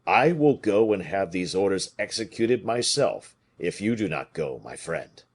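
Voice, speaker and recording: A man reading an audiobook voices a scheming bishop who speaks in a bland, measured, quiet way. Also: deep voice, animated, husky, full character voice. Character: calm, scheming male bishop, Aramis.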